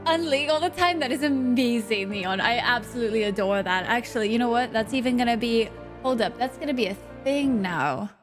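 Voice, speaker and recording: A woman's voice: on the high side, a little fast, soft background music. A woman streaming live, chatting with her viewers in a playful way, swearing freely and laughing often.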